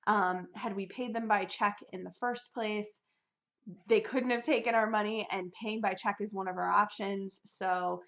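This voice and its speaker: A young woman talks straight to her viewers in a casual, heated rant. Her voice has a gravelly, fry-edged texture, and the recording is dull and lo-fi. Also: mid-range voice, fairly even intonation, measured pace, fairly bright tone. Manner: ranting, heated retelling. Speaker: vlogger sharing her fertility journey. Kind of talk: casual chat to camera.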